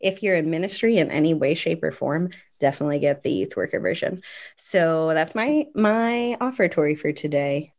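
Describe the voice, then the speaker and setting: A woman's voice: deep voice, expressive, moderate pace, a little mellow. A woman co-hosting a podcast in casual chat, talking about her kids and faith and laughing often as she speaks. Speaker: podcast co-host.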